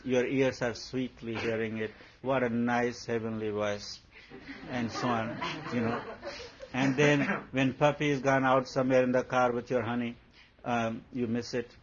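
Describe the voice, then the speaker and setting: A man's voice: mid-range voice, a little hiss or hum. A man giving a spiritual discourse as a teacher, asking rhetorical questions and telling playful stories. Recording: dull lo-fi recording.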